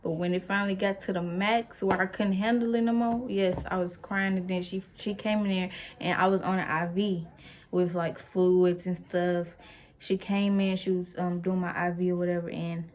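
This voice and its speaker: A young woman vlogger tells a personal story in a casual, rambling way, loaded with fillers and playful asides to the viewer. Her voice is fairly low and a little mellow, with a flat delivery at a normal speed.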